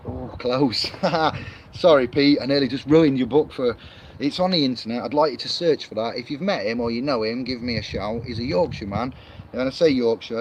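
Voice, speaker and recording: A man's voice: medium pitch, a little mellow. A man rambling casually to camera, reviewing a book, with lots of fillers and restarts. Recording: muffled lo-fi audio with clear street noise.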